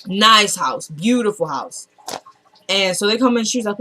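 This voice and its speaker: A woman's voice: medium pitch, lively intonation, a little fast, bright, forceful tone. Chatty woman recapping a TV episode. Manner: chatty, retells scenes with quoted dialogue.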